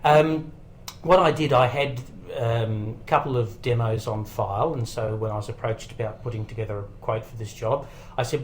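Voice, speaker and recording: Man telling lively stories. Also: mid-range voice, moderate pace, a little hiss or hum, rough recording. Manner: animated storyteller who quotes people in character. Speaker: guest voice actor and comedian. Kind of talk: casual interview anecdotes. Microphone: home recording setup.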